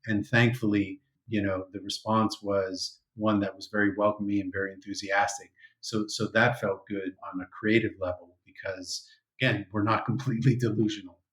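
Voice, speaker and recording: A man who co-created the series, speaking quickly and self-deprecatingly in an interview. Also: fairly low pitch, flat delivery, a bit bright, rough recording. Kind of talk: casual interview chat.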